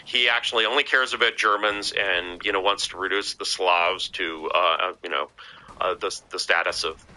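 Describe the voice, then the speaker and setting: A man's voice: deep voice, fairly even intonation, moderate pace, sharp tone, poor audio. A man talking as a podcast guest in casual conversation, rambling with many fillers and restarts.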